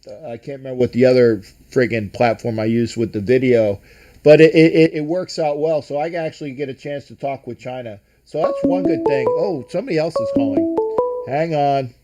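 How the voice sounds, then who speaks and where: A man's voice: mid-range voice, a little fast, mellow, faint music behind. An older man hosting a casual live-streamed sports talk show, rambling and profane, with a lot of false starts. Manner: rambling, profane, many restarts.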